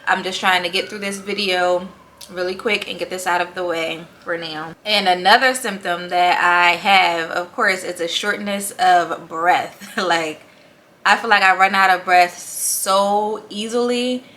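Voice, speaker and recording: A young woman talks through a casual vlog update, her voice bright and forward, a little short of breath. She laughs easily between thoughts, and a faint hum of room noise sits behind her. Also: on the low side, fairly even intonation, measured pace. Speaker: vlogger.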